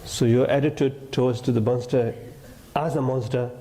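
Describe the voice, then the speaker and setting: A man whose first language is Tibetan gives a gentle dharma talk as a meditation teacher, in simple broken English. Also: mid-range voice, steady tone, moderate pace, poor audio.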